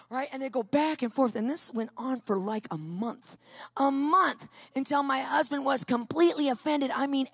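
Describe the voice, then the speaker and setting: A woman telling a personal story in a sermon, lively and animated, acting out what people said. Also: high-pitched, vocal fry, husky, no echo. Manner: lively, animated storyteller who acts out quotes. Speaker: Christian speaker.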